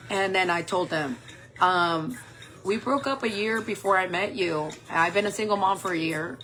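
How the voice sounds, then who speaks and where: Over soft background music, a woman in her forties who does makeup vlogs shares a personal story at a moderate pace. Her medium-pitched voice sounds pushed and bright, and she rambles openly with lots of "like" and "um."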